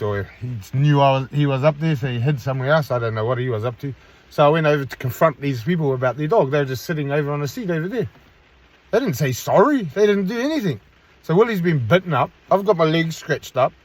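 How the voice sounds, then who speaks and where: A man vlogging from a parked car by a park, telling a rambling, blunt story in casual talk with frequent restarts. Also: medium pitch.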